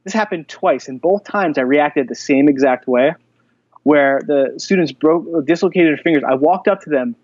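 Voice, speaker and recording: Animated storytelling man, dry sound. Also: fairly high pitch, normal speed, no room sound, highs cut off. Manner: animated storyteller, many fillers. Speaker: guest, jiu-jitsu black belt instructor. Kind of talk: casual podcast interview.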